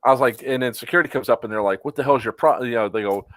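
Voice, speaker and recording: A man's voice: mid-range voice, racing, no room sound, low-quality recording. Guy telling a story on a livestream, lots of ums, dry close mic. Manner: animated storyteller, acts out quotes, many fillers. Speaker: podcast co-host. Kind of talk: casual chat, storytelling.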